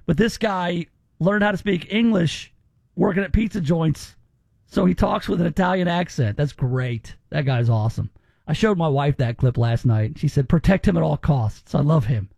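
Radio host, male, high gravelly voice, dry sound, rambling casual chat. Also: normal speed, darkish tone, dry recording. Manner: rambling, with restarts and asides.

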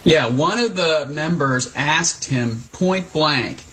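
Guy on a radio call-in, kinda high husky voice, blunt and combative. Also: lively intonation, slow pace, few pauses, a bit bright, low-quality recording. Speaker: legal analyst guest. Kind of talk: talk radio interview.

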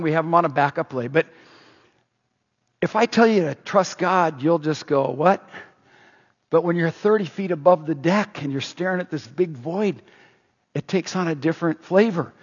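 A man preaching a sermon in an energetic, emphatic way, moving between loud stresses and quiet asides. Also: sits high, slightly rough. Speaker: pastor. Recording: dull, echoing hall sound.

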